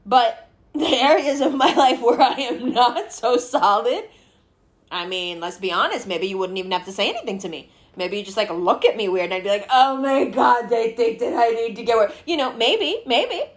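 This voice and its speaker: A woman hosting a casual chat, animated and swearing freely as she acts out what people say. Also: fairly high pitch, normal speed.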